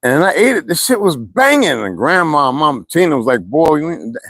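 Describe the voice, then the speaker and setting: A man's voice: a little high, wildly swooping pitch, brisk, a bit bright, no echo. A man livestreaming casual, rambling chat, cursing often and laughing between stories.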